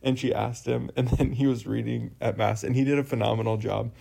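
A young man co-hosting a casual faith talk, telling stories in a chatty, animated way with lots of fillers. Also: mid-range voice, a little fast, vocal fry, husky. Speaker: podcast co-host.

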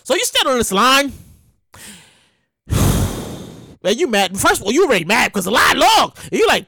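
A woman's voice: fairly high pitch, very animated, fairly quick, long pauses, fairly bright tone, no room sound, clean studio sound. A woman hosting a podcast, talking casually and animatedly, cursing freely and acting out scenes with big exaggerated outbursts. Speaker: podcast host. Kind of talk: casual commentary monologue.

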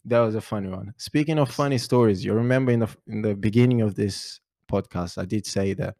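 A man's voice: on the low side, fairly quick, creaky, no room sound, clean studio sound. A man whose first language is Portuguese, co-hosting a podcast, telling stories and joking with frequent laughter. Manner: joking, laughs often, animated storytelling. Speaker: podcast co-host. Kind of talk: casual chat.

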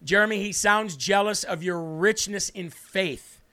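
A male host with a high, bright, ringing voice delivers impassioned faith talk straight to his viewers. He is emphatic and preachy, leaning hard on his points as he answers their comments. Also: a little slow. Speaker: host of a Christian talk show.

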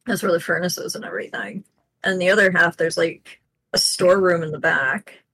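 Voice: medium pitch, steady tone, a little fast, sharp tone, dry recording, poor audio. A comic artist explaining ideas matter-of-factly in casual chat, with fillers. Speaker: comic artist and podcast co-host.

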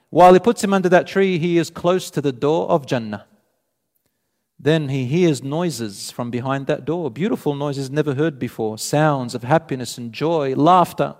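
A man preaching a sermon, retelling a story with animated delivery and voicing both sides of the dialogue. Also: fairly high pitch. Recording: long hall reverb.

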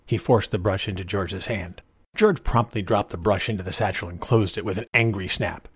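A man reading a short story aloud in a measured, expressive way, with a husky voice. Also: low-pitched, no echo, clean studio sound.

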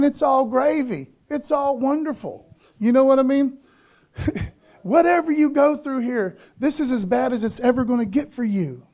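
A man's voice: extremely high pitch, a little mellow. A male pastor preaching a sermon in a loose, conversational way, tossing in "man" and "okay?" between his points.

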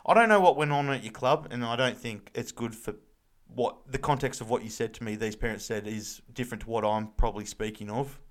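A man's voice: medium pitch, a little fast. An Australian man in his thirties, co-hosting a casual podcast chat, blunt and fired up, swearing freely. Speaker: podcast co-host.

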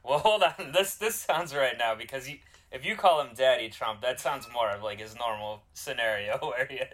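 A man's voice: medium pitch, moderate pace, fairly bright tone. Fields: Sex: man. Role: podcast co-host. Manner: teasing. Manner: teasing, stammering restarts. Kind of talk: casual comedic chat.

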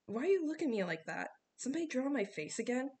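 A woman's voice: high-pitched, sing-song, a little mellow, voice pushed up. A woman voicing a jokey, restless teenage boy full of wisecracks in a storybook reading. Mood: teasing. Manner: joking, fast-talking.

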